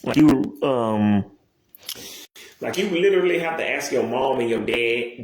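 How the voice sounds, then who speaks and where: A man rambles to his viewers in a loose, profane monologue, jumping from one aside to the next and restarting his sentences. His voice sits at an ordinary middle pitch. The room gives it a noticeable echo. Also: lively intonation, a little slow. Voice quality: profane, digressive, many restarts. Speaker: YouTuber. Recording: roomy echo.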